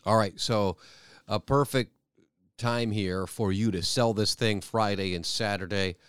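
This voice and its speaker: A middle-aged male radio host runs a friendly local interview and keeps plugging show times. His voice is smooth and resonant, recorded close and dry in a studio. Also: on the low side, fairly even intonation, a little slow, fairly bright tone, no echo. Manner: chatty, plugs event details.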